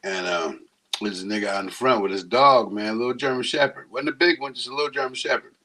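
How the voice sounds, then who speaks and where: A man's voice: mid-range voice, fast talker, sharp tone. A man telling stories in a casual chat, acting out the people he quotes. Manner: acts out quotes in funny voices.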